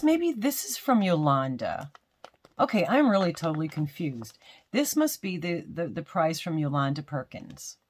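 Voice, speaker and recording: A woman's voice: deep voice, a little hiss or hum. A woman vlogger chatting casually at home while unboxing yarn, rambling and self-deprecating with lots of restarts. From United States. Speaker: crochet vlogger.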